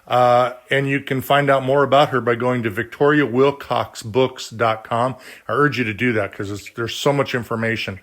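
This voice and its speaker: A man's voice: medium pitch, fairly even intonation, moderate pace, few pauses, a bit bright. Chatty man hosting an interview. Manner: rambling, chatty, plugs guest's website. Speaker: interview host. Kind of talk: casual interview chat.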